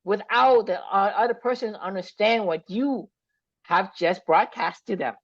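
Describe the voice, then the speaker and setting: A woman's voice: mid-range voice, unhurried, no room sound. Blunt woman podcast co-host, lo-fi sound. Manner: emphatic and blunt, swears freely. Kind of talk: casual podcast chat.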